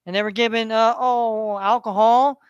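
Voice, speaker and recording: A man's voice: high voice, steady tone, moderate pace, clean tone, dry recording, dull audio. A man delivering a preachy, profanity-laden rant to his viewers, hammering points by repeating them. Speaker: vlogger. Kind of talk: ranting monologue.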